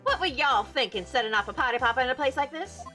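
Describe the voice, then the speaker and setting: A woman voicing a loud, brash country woman in a put-on American Southern drawl, scolding and drawling, with music underneath. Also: high voice, lively intonation, quick pace.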